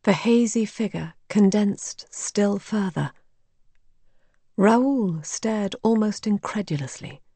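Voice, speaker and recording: Woman narrator, slow, measured, gravelly, dry close sound. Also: medium pitch, no echo. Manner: measured, even storytelling. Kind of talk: scripted narration of a story.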